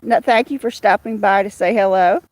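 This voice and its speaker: A woman hosting a casual livestream outdoors, greeting viewers by name in a slow, chatty way. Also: medium pitch, a little mellow, no echo. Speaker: livestream host. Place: outdoors with cats.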